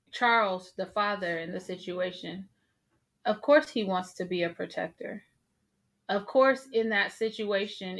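Calm, firm woman moderator. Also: mid-range voice. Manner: calm, firm, invites others to speak. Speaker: host. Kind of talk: moderating a group discussion.

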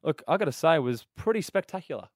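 A young man co-hosting a radio show, telling stories with animated, playful energy into a studio mic. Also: a little high, fast talker, dry recording. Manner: animated storyteller, chatty and playful. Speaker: radio co-host. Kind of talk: casual radio banter.

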